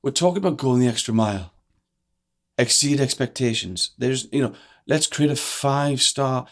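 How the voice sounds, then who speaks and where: A man, a guest telling stories in a lively way and acting out the lines of the people in them. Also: mid-range voice, normal speed. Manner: energetic, acts out quoted dialogue. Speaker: guest speaker. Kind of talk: animated storytelling in a podcast interview.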